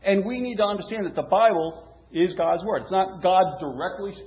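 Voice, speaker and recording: A man's voice: sits high, moderate pace. A man preaching a sermon in a conversational way, asking rhetorical questions and restarting phrases. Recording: roomy, dull, lo-fi with faint hum.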